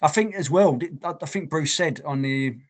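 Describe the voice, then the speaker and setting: A man's voice: on the high side, normal speed. A man co-hosting a podcast in casual chat, blunt and swearing freely. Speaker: podcast co-host.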